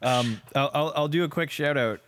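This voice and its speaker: A man from Canada, a brewery guest on a podcast, talking in an easygoing casual way and trailing off softly at the end of his thoughts. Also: on the high side, normal speed, a little hiss or hum. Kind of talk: casual chat.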